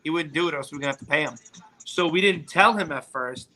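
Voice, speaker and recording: A man co-hosting a casual group chat, excitable and jokey. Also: fairly high pitch, quick pace. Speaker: co-host.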